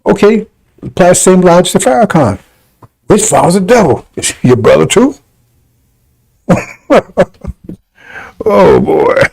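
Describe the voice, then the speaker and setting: Male religious broadcaster, warm tone, pitched a bit high, heated and mocking delivery. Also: very animated, a little slow, gravelly, pauses often, breathy edge, rough recording. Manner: scornful, rambling, laughs mockingly. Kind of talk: heated scripture commentary.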